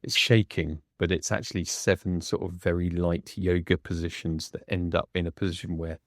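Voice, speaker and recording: Deep-voiced, measured male podcast guest. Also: level tone, no echo, clean studio sound. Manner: measured and reflective, pausing between phrases. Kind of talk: candid conversation.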